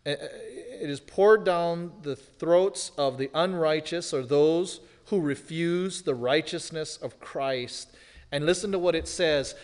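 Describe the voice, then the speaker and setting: A man preaching an expository sermon as pastor, emphatic, swinging from loud declarations to hushed, serious lines. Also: on the high side, slow pace. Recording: long hall reverb.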